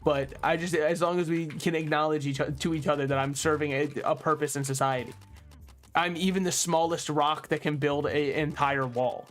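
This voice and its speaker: A man's voice: on the high side, steady tone, normal speed, faint music behind. A young man rambling and joking as he streams a game, laughing often. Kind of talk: rambling live-stream commentary while gaming.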